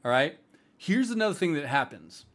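A man's voice: on the high side, very animated, normal speed, fairly bright tone. Blunt, rambling man with a lifted voice. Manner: blunt and rambling, full of "like", "um" and "bro". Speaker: streaming platform staff host. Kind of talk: casual livestream talk to viewers.

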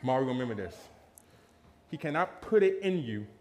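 Animated preacher man, lively voice. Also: medium pitch, quick pace, a little hiss or hum. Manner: animated, laughing, acts out quotes in a raised voice. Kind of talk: lively sermon with personal story.

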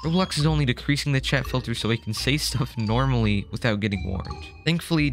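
A man's voice: medium pitch, a bit bright. A young man giving casual, joking commentary for a gaming news vlog, with sarcastic asides. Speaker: gaming YouTuber.

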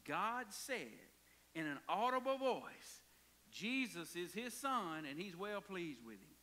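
A pastor preaching a sermon, dropping to hushed whispers and rising to hollers. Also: male voice, sits high, sing-song, takes it slowly, in a large hall.

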